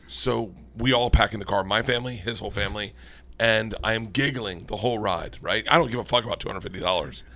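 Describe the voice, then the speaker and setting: A middle-aged comedian guest on a podcast, talking in a bright, tense voice. He tells a profane story with big energy and acts out the quotes along the way. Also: lowish voice, quick pace.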